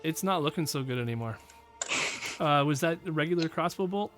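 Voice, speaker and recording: Male game master, slightly high voice, laid-back and chuckly, soft music bed. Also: fairly quick. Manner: relaxed, laughs often, many fillers. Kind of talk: running a tabletop game.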